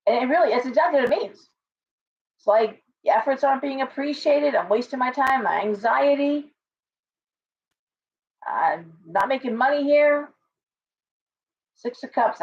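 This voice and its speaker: A woman's voice: sits high, animated, moderate pace, long pauses. A woman giving a casual live tarot reading, blunt and chatty, full of asides and restarts. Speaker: tarot reader. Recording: distant, dull lo-fi sound.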